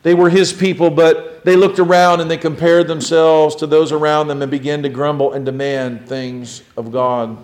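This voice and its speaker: A middle-aged man preaching a sermon as pastor, swinging between loud emphatic lines and quiet, low ones. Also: level tone, moderate pace, hardly any pauses.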